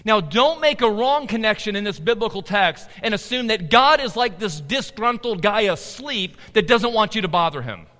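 Man, middle-aged pastor, sermon, high voice, animated, loud emphasis and low asides, live hall reverb. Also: normal speed, few pauses.

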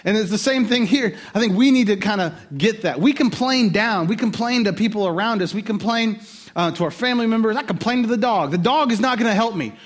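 A man preaching a sermon in a conversational, animated way, with quick asides to the listeners. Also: high voice. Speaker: pastor.

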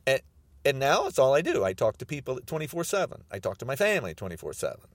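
Animated ranting man, mocking and repetitive. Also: mid-range voice, fast talker, no echo. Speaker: podcaster. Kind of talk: political rant monologue.

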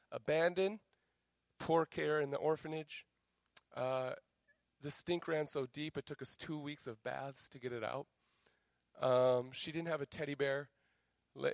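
A man preaching a sermon as pastor, energetic and joking, dropping to a quiet tone for personal stories. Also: mid-range voice, no room sound.

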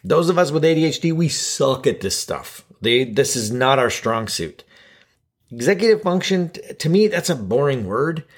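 Man, podcast host, husky voice, rambling jokey monologue, self-mocking. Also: mid-range voice, sing-song, normal speed. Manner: joking, rambling, self-deprecating. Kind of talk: casual solo podcast monologue.

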